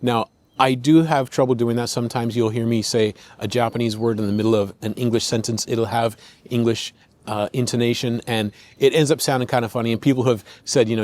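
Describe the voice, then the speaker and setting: American male podcast host, mid-pitched, chatty explainer who numbers his points and voices quotes. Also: fairly even intonation, brisk, a little mellow. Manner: conversational, lists points, acts out quotes. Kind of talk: explanatory commentary.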